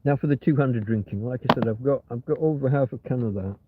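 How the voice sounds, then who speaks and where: A man's voice: medium pitch, fast talker, background noise. A man hosting a rambling, casual livestream chat from bed on a cold night, muttering to himself and his viewers. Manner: rambling, muttering, talks softly to his companion at times. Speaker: livestream host. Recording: tinny phone-like livestream audio.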